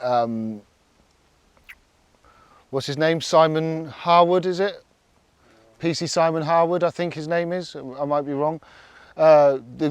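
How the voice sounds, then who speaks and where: A man's voice: fairly high pitch, dry recording. A young man, ranting in casual talk, emotional and swearing, with many "yeah?" tags. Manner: emotional, swearing, repeats "yeah?" and "you know what I mean?". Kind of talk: angry casual rant.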